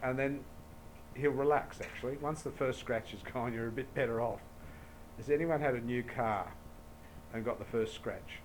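A man's voice: mid-range voice, normal speed, a little hiss or hum, low-quality recording. A man giving a Buddhist dharma talk to an audience, telling anecdotes and acting out dialogue in a jokey way. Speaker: Buddhist teacher.

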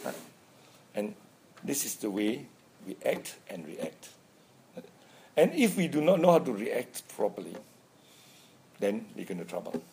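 A man's voice: medium pitch, wildly swooping pitch, a little slow, pauses often, darkish tone, a little hiss or hum. A man giving an informal Buddhist dharma talk, chatty, chuckling often and checking in with "right?". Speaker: Buddhist teacher.

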